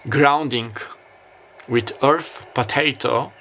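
Halting, musing man doing a tarot reading. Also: medium pitch, sharp tone, slight background noise. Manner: musing, halting, many fillers and restarts. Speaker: tarot reader. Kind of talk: pick-a-card tarot reading. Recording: faint beach ambience behind. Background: summer beach ambience sounds.

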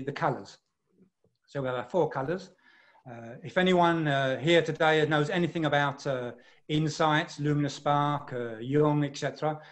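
A man with a fairly high-pitched voice leads an online presentation as a management trainer. He explains things step by step and often pauses with small filler sounds. The sound comes through a video call.

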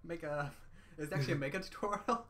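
A young man playing as a guest in a casual gaming chat, nervous and self-mocking with quick exclamations. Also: on the high side, bright, forceful tone. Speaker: guest gamer. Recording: faint background noise.

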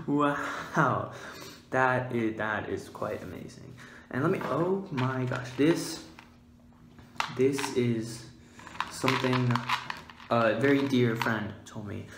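A man hosting a mock-scientific comedic vlog, playful and goofy, giggling and breaking into sudden loud, high outbursts. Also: takes it slowly, long pauses. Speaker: vlogger. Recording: roomy echo, faint background hiss.

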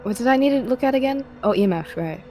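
A woman's voice: on the high side, expressive, fast talker, mellow, soft background music, low-quality recording. A woman playing a ghost-hunting game with a friend, giggling and teasing in casual banter. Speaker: game streamer.

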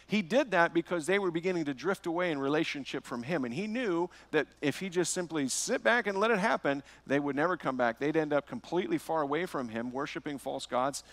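A man's voice: on the high side, brisk, hardly any pauses, a bit bright, no echo. A man preaching a verse-by-verse sermon as pastor, telling a personal story with rhetorical questions.

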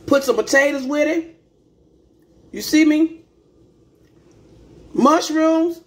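A woman's voice: high voice, slow pace. A middle-aged woman vlogging casually to camera, folksy and chatty, calling viewers baby and humming as she tastes her food. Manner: tastes food while talking, hums with mouth full. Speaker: cooking vlogger.

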